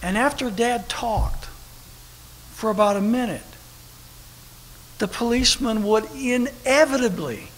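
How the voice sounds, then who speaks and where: A man preaching a sermon at a church service, telling a story with lively, animated delivery that bursts into shouting. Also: sits high, measured pace, long pauses. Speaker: pastor. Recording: long hall reverb with faint noise.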